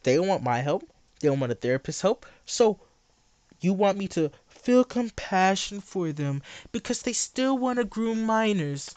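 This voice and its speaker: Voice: medium pitch, big pitch swings, moderate pace, a little mellow, no room sound. A livestreamer ranting to chat in a blunt, sarcastic, exasperated way, repeating phrases for emphasis.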